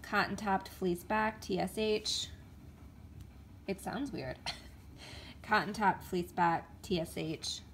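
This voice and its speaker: A woman of middle pitch talks casually to her camera, showing items one by one. She fills pauses with ums and trips over names as she goes. A faint hiss sits under the recording. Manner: chatty, with fillers, stumbling over names. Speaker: vlogger. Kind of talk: casual show-and-tell vlog.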